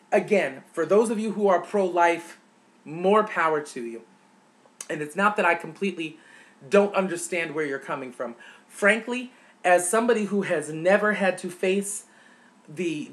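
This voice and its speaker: A woman vlogger delivering an impassioned, indignant opinion rant, repeating words for emphasis. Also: lowish voice.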